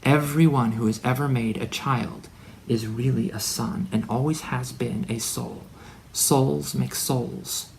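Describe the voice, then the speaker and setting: A man delivering a rambling spiritual monologue to his son. He is preachy and full of wordplay, and he swings from loud declarations to hushed asides. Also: mid-range voice, fairly even intonation, measured pace, gravelly, slight background noise. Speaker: religious speaker addressing his son.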